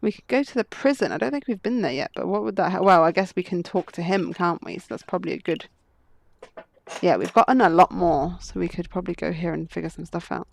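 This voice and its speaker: A woman's voice: on the low side, quick pace, creaky, no echo. A woman streaming a game playthrough, chatting casually and thinking aloud.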